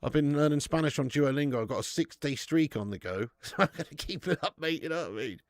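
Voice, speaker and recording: A thirties-aged man talks fast and animatedly in a fairly high voice as he hosts a live football watch-along. He banters with chat viewers and swears casually between bits of match commentary. Dry, clean studio sound.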